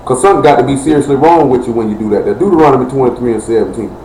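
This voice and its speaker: A man's voice: medium pitch, racing, warm tone. A man preaching a fiery live-streamed sermon in a heated, blunt and rambling colloquial way. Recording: echoey room with faint noise.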